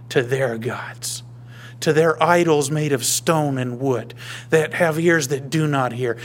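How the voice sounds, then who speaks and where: A male pastor preaching a sermon, emphatic, swinging between raised declarations and hushed whispers. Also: mid-range voice, slow.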